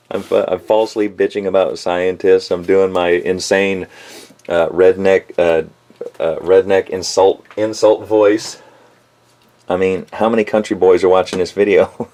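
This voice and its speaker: A man's voice: low-pitched, fairly even intonation, measured pace, long pauses, a little mellow. A man reviewing a knife in a home kitchen, talking in a rambling, profane, self-mocking rant to camera.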